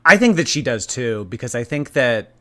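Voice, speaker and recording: Man, casual stream chat, sarcastic, very animated pitch. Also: normal speed. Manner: sarcastic, teasing, lively intonation.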